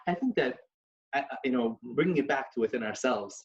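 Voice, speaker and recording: Animated storytelling man, slightly muffled. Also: mid-range voice, brisk. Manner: animated, mixes in Yiddish phrases. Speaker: podcast co-host. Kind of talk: casual chat and storytelling.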